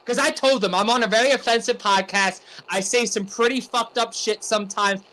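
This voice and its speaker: A man with a high, light voice rants his way through a casual podcast chat. He swears freely and fires off one rhetorical question after another, talking over his co-hosts into a remote podcast mic. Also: steady tone, fairly quick, bright, forceful tone. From Arizona. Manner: profane, ranting, rhetorical questions. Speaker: podcast co-host.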